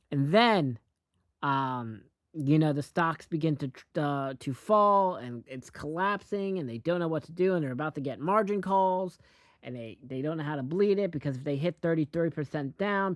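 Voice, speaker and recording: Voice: mid-range voice, no room sound, studio quality. A host giving a casual, rambling and profane recap of a TV episode, speaking bluntly.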